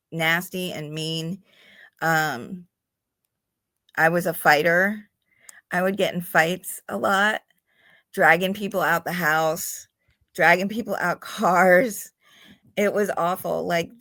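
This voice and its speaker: A middle-aged woman speaks slowly and bluntly, swearing freely and now and then laughing at herself. Her voice sits a little low for a woman. The sound is dry and close, with no room around it. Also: fairly bright tone, no room sound. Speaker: guest in recovery. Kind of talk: candid conversational storytelling.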